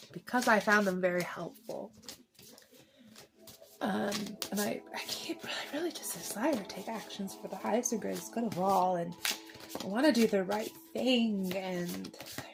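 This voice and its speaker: A woman's voice: medium pitch, creaky. A woman in her thirties doing a casual tarot reading, chatty and rambling, often laughing. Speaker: tarot reader.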